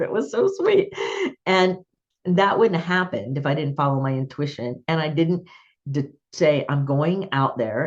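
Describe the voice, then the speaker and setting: A woman's voice: sits low, darkish tone, dull audio. A woman hosting a podcast interview, chatting and telling personal stories with frequent laughter. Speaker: podcast host. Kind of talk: conversational interview.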